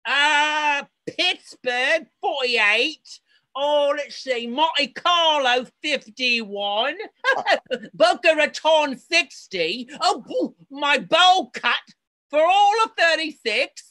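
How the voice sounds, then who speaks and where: A woman's voice: sits high, expressive, very slow, bright, forceful tone, full character voice. A woman playing a coarse, scheming female con artist with a Cockney accent, reading a comic play over a video call. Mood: wry. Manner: brash, crude, theatrical complaining.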